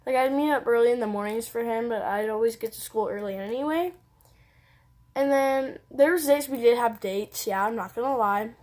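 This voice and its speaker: Teen girl vlogging, slightly high voice. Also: moderate pace, darkish tone. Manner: casual, rambling, says "like" constantly. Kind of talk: candid personal storytelling.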